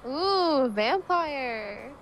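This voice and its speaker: A woman's voice: high-pitched, animated, very slow, a bit bright, slight background noise, low-quality recording. A woman chatting casually during a game playthrough, laid-back and giggly, with short replies. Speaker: co-player. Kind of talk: casual let's-play commentary.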